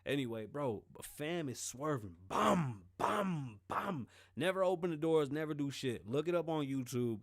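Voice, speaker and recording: A man hosting a podcast, talking casually and swearing freely as he tells stories in an animated way. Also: fairly high pitch, moderate pace, hardly any pauses, dry recording, studio quality. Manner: profane, animated storytelling. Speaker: podcast host.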